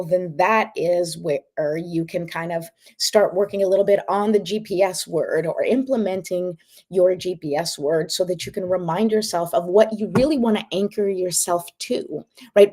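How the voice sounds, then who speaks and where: A woman's voice: lowish voice, dark tone, husky. Chatty woman hosting a livestream. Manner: chatty, encouraging, checks in with viewers. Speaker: host. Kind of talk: casual livestream talk and guided breathing.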